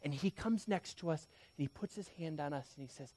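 Speaking at a moderate pace with few pauses, a man in his thirties preaches as pastor in a voice on the high side. He tells stories directly to the congregation, dropping from loud emphasis down to a near-whisper.

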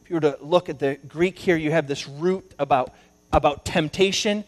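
A male pastor giving a sermon, telling a story and swinging between loud emphasis and hushed asides. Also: a little high, moderate pace.

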